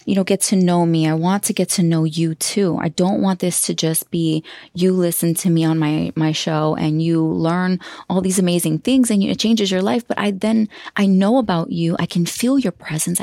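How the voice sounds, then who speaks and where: Gravelly-voiced woman hosting a podcast. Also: fairly low pitch, no echo, clean studio sound. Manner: warm, effusive, emotional, laughs often. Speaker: podcast host and self-love coach. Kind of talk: heartfelt podcast monologue.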